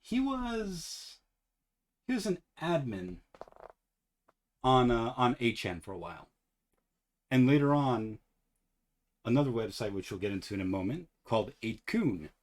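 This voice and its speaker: A man hosting a casual podcast, telling a story in an animated way and laughing often. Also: medium pitch, a little slow, pauses often. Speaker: podcast host.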